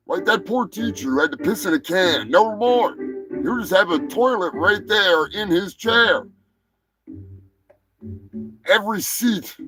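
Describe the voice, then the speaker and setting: A man hosting a live show, chatting casually, joking crudely, swearing and shouting now and then. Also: sits high, poor audio. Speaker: host. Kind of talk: casual live-stream chat. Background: music playing.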